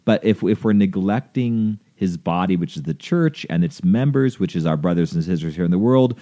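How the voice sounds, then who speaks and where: A man's voice: deep voice, animated, moderate pace, warm tone. A man talking earnestly about faith in a casual conversation, acting out little dialogues as he explains.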